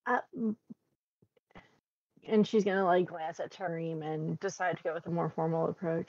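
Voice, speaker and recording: A woman's voice: fairly low pitch, fairly even intonation, moderate pace, long pauses, a little mellow, no echo, dull audio. A woman playing a tabletop role-playing game, chatting casually and describing what her character does. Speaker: player.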